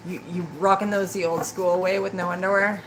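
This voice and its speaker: Woman, tarot reader, live stream, teasing, chatty, somewhat low voice, audible background noise. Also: level tone, a little fast. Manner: chatty, teasing, laughs often.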